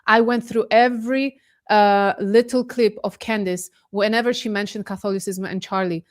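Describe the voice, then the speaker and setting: A woman from Poland, a guest on a casual podcast discussion, talking with animated, incredulous emphasis over a remote call. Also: medium pitch, moderate pace. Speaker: guest commentator.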